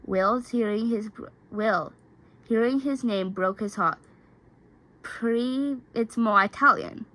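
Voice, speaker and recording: Slow, stumbling woman reading a story. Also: on the high side, a bit bright, rough recording. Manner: stumbling, frequent restarts and self-corrections. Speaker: fan fiction reader. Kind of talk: amateur reading aloud of fan fiction.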